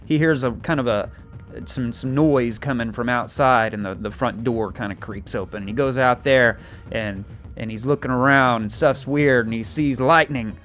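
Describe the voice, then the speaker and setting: A man's voice: medium pitch, moderate pace, fairly bright tone, faint music behind. A young man casually recapping a TV season, rambling and joking with plenty of filler words. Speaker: show recapper. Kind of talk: casual plot recap with acted quotes.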